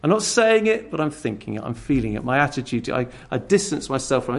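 Gravelly, animated man preaching a sermon. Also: mid-range voice, quick pace. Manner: expressive, swings between loud emphasis and near-whispered asides; acts out scornful attitudes in quoted voices.

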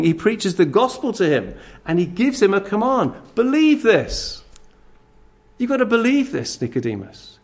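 A man preaching a sermon, his voice sitting a little high for a man. He speaks with strong emphasis and turns straight to his listeners, pressing commands on them.

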